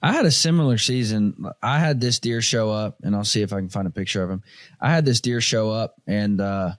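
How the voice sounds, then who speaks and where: A man's voice: fairly low pitch, fairly quick, no room sound, clean studio sound. A man hosting a podcast, telling a hunting story in casual chat and acting out other people's voices as he goes. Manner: animated storyteller, acts out quoted voices. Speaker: podcast host.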